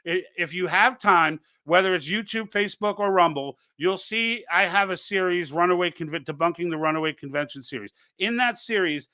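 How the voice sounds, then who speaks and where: Bright-voiced man hosting a live political stream. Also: high voice, fairly quick, few pauses. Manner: conversational and urging, frequent restarts and asides. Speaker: political livestream host. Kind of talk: unscripted live commentary.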